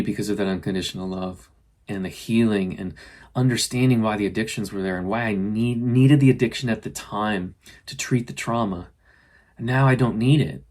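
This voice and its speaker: A middle-aged man, host of a spiritual podcast, talking earnestly and gently about self-love, often voicing his own inner dialogue. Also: lowish voice. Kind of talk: casual spiritual self-help talk.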